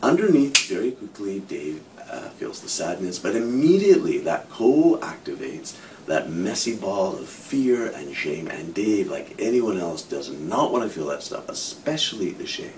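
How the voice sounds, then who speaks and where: A middle-aged man, a psychologist, explaining ideas through imagined examples. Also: measured pace. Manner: animated explaining with hypothetical examples, frequent "kind of". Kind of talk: explanatory talk to camera. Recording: from a distance, faint low rumble.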